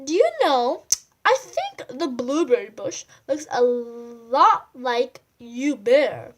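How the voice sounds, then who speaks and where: A woman's voice: high-pitched, sing-song, takes it slowly, exaggerated voice. A woman doing an emphatic storybook porcupine. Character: curious, bossy female porcupine.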